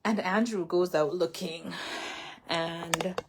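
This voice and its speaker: A woman's voice: on the low side, steady tone, slow, noisy background. A woman giving a casual sermon-style talk, chatty and full of "like", laughing lightly as she retells scripture in her own words. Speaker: faith speaker.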